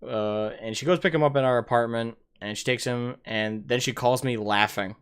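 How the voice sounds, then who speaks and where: Man, podcast co-host, smooth and clear; profane, animated storyteller. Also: medium pitch, moderate pace. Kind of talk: casual chat.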